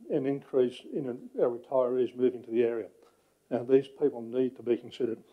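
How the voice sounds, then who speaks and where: Man, out of breath, halting speech, throat clearing, muffled chamber audio. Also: mid-range voice. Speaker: public speaker at council meeting. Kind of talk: public address at a meeting.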